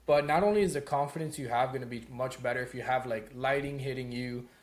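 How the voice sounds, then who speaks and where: A man's voice: mid-range voice, fast. A young man in his home office giving a casual lesson on sales calls, talking loosely with lots of "like" and "right?". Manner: loose, conversational, heavy on "like" and "right?". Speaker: sales course instructor.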